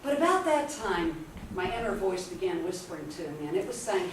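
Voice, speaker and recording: Expressive woman speaking in an echoey hall. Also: lowish voice. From Texas, USA. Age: 50s. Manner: dramatic storytelling with pauses. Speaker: motivational speaker. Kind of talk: inspirational speech. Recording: echoey hall from far off, faint noise.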